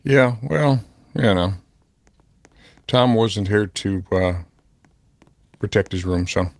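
A man with a lowish voice co-hosting a game session, answering in a dry, teasing, deadpan way. The sound is close and dry, with little room around it. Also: slow pace, gravelly, no echo. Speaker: co-host, the dad. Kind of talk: casual let's-play banter.

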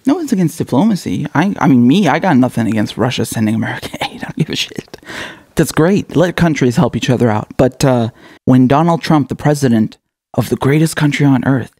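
A man's voice: mid-range voice, expressive, brisk, darkish tone, dry recording, clean studio sound. A man giving sarcastic political commentary, mocking and taunting his listeners with rhetorical questions and frequent laughs.

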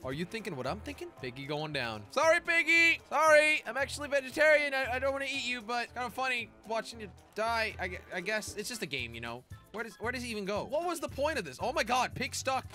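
Young male gaming host, high and lively, jokey and excitable, soft game music underneath. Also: quick pace, hardly any pauses. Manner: excitable, jokey, frequent laughs and shouts. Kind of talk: game commentary.

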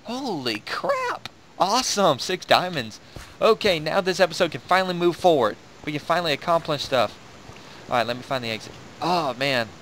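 A young man with a fairly high voice gives loose, rambling commentary on his game, cracking jokes and laughing at his own lines. The audio carries a clear layer of background noise, as in a home setup. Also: a little fast, fairly bright tone, low-quality recording. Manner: rambling and jokey, often laughing at himself. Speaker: gaming video host.

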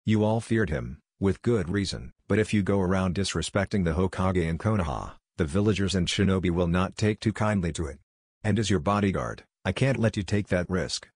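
Naruto, a calm, firm teen ninja, read by a man. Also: low-pitched, a little fast, breathy edge, dry recording. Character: calm, blunt blind teenage boy ninja.

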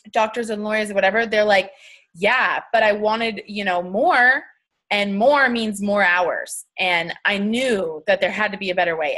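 A woman's voice: medium pitch, a bit bright. A woman hosting a team training call, chatting casually with lots of fillers and encouraging her listeners. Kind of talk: casual video call chat.

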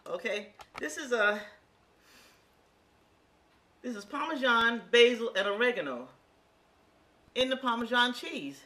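A woman's voice: fairly high pitch, lively intonation, measured pace, pauses often, sharp tone. A woman in her sixties demonstrating a recipe in her home kitchen, talking straight to viewers in a folksy, exclamatory way. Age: 60s. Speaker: home cook. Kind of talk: casual cooking demonstration.

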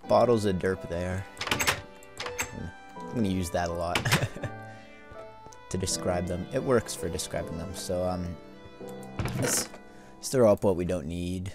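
A man's voice: sits low, a little slow, long pauses, over music. A man giving casual, rambling gameplay commentary with lots of fillers, yawning as he plays. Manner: rambling, easygoing, many fillers. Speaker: let's play host.

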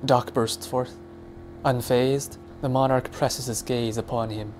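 A man's voice: mid-range voice, steady tone, unhurried, darkish tone, faint music behind. A man narrating an audiobook in a dramatic storytelling manner. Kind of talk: scripted narration.

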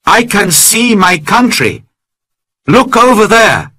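A man's voice: a little high, expressive, takes it slowly, a bit bright, no echo, pitched above the performer's own voice, full character voice. A man voicing a young, loyal island companion in a storybook reading, speaking in simple, pleading phrases. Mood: excited.

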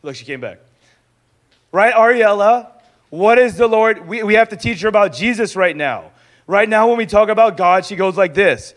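A young adult man teaching in a sermon style, lively and acting out little dialogues as he goes. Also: sits high, normal speed. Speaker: pastor teaching a discipleship school.

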